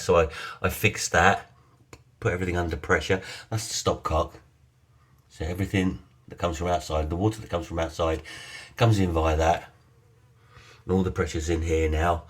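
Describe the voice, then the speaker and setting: A man vlogging a home plumbing repair, chatty and self-mocking with a playfully melodramatic streak. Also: low-pitched. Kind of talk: casual DIY vlog talk.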